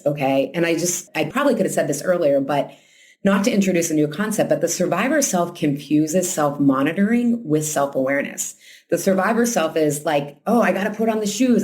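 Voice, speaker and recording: A woman host and coach talking casually, acting out quoted voices and filling her talk with "like" and "right?". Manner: animated, acts out quoted voices with big pitch jumps; frequent "like" and "right?" fillers. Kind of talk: casual conversational teaching.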